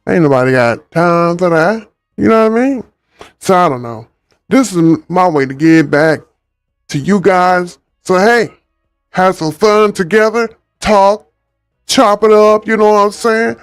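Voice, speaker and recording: A man's voice: sits high, a little slow, clear, resonant tone, no room sound, soft background music. A man chatting and reading a book aloud on a livestream, laid-back and ad-libbing. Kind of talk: casual livestream story reading.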